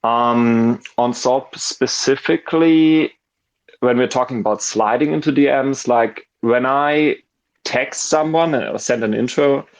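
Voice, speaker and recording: A man from Germany with a German accent, speaking English in casual chat, halting and full of ums and restarts. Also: medium pitch, creaky, poor audio. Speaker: caller in an audio chat room.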